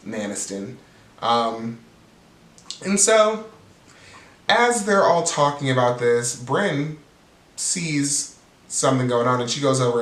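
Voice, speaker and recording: A man's voice: mid-range voice, a bit bright, echoey room, distant mic, poor audio. A man giving a casual, snarky, profane recap of a reality TV episode as host. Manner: snarky, profane, bored-sounding commentary.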